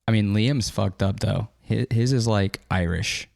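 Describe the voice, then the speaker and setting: A man's voice: fairly low pitch, measured pace, creaky, a little mellow, dry recording, clean studio sound. A man in his thirties hosting a podcast, chatting loosely and swearing now and then. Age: 30s. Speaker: podcast host. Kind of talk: casual chat.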